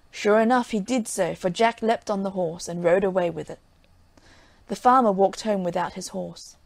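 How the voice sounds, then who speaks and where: A woman's voice: medium pitch, moderate pace, gravelly, dry recording. Woman reading a folk tale aloud. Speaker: storyteller.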